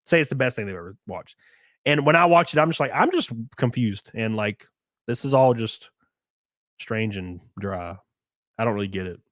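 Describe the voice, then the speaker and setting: On his livestream, a male streamer with a Southern Alabama accent rants in a loose, foul-mouthed style, animated and full of mockery, his nose runny and his voice stuffed up. His pitch is fairly low and his speed normal. It's a studio-grade recording without any echo.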